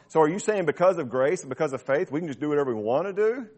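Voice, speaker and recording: A man teaching a small Bible study class in a relaxed, conversational way, explaining verses plainly and checking in with his listeners. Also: a little high, fast talker, few pauses.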